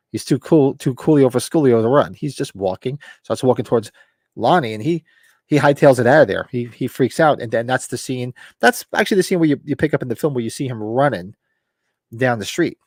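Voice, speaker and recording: A man's voice: medium pitch, darkish tone, no echo, studio quality. A man hosting a casual book club show, loosely retelling chapters with fillers and restarts, now and then acting out lines. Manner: rambling, loose retelling with fillers and acted quotes. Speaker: podcast host.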